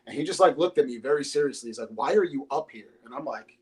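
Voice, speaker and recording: This man talks at a quick clip in a mid-range, animated voice with a breathy edge, speaking into a phone. He's a podcast guest, a rapper and English teacher, telling loose stories full of swearing in casual chat.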